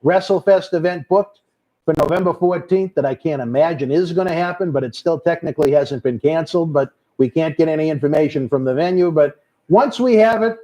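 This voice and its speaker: This casual live stream features a man with a Boston accent hosting a wrestling watch-along, reading viewers' comments and addressing people as brother. He sounds a little high, brisk, and mellow.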